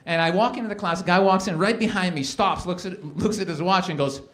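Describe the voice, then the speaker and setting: High-pitched and fast, a Canadian man delivers a live stand-up routine. He tells lively stories, acting out each quoted character.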